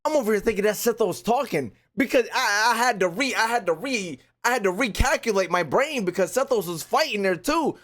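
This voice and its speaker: Excitable profane man reacting to a trailer. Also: high-pitched, fairly quick, hardly any pauses. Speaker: streamer reacting to a game trailer. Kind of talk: casual reaction commentary.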